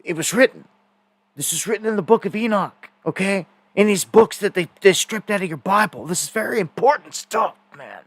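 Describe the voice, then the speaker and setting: A man's voice: sits high, expressive, brisk, no room sound. A man hosting a live news stream, telling stories in a rambling, casual way with many fillers and repeated words.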